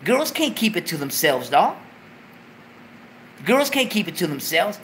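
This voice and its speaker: A man's voice: high voice, very animated, unhurried, pauses often, a bit bright, a little hiss or hum. Laid-back man with a profane monologue. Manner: laid-back street slang, swearing, lecturing his viewers. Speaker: show host.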